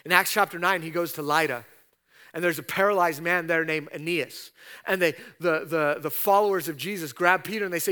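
A man preaching a sermon in a bright, forceful voice that sits a little high. He retells scripture scenes like stories and drives his points home with emphatic repeated questions. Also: brisk, clear, resonant tone. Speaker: pastor.

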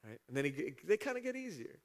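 A man preaching a sermon as pastor, animated and building to emphatic peaks, dramatizing scripture with voiced asides. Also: fairly high pitch, fast talker.

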